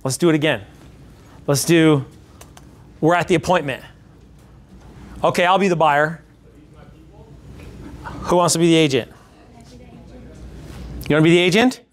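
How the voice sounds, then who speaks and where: A male sales coach teaches a group in a training room. He is emphatic and energetic, and he repeats his points. His voice sits a bit high for a man. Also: a little slow, long pauses, a little hiss or hum. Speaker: real estate sales coach.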